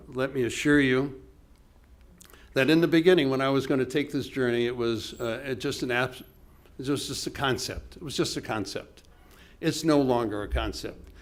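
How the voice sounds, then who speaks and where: An older man giving a motivational keynote, speaking earnestly in a conversational storytelling manner. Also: medium pitch. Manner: earnest, conversational, acts out quoted dialogue with dropped voice and pauses. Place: conference hall stage.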